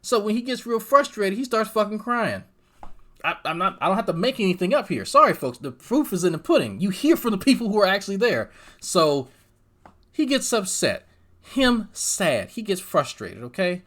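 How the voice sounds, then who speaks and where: Brief: mocking, profane male commentator, lively swooping delivery. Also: high voice, moderate pace. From New Jersey. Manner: sarcastic, crude, mocking. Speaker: commentary YouTuber.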